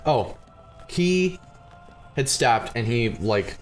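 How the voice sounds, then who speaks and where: A young man casually telling a funny story on a podcast, animated and often laughing. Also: medium pitch, very slow, soft background music. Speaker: podcast host.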